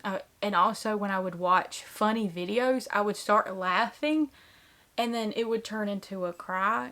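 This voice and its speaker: A woman in her thirties chats straight to the camera like a vlogger, earnest and open. Her pitch sits in an ordinary middle range. She leans on "like" and other fillers as she talks. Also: fairly bright tone. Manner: chatty, earnest, lots of filler "like". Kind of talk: casual chat to camera.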